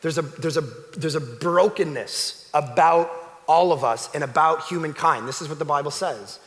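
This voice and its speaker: A man preaching a sermon as a pastor, animated, swinging between loud exclamations and hushed emphasis. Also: fairly high pitch, moderate pace, big-room sound. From Canada. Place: church sanctuary.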